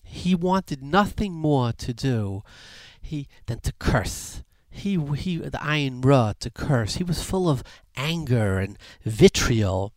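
A man giving a sermon as a rabbi, telling anecdotes and jokes with lively voice shifts. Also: medium pitch, slow, few pauses, no room sound. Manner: animated storyteller, lively voice shifts.

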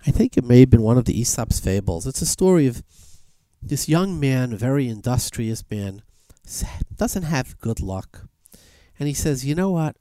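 A man preaching a sermon and telling a fable, animated, with sweeping emphatic rises in his voice. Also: mid-range voice, moderate pace, no echo. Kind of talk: sermon with storytelling.

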